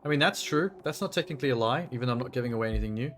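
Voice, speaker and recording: A man live-streaming a video game, commentating excitably, swearing often and joking about what happens on screen. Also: mid-range voice, racing, slight background noise.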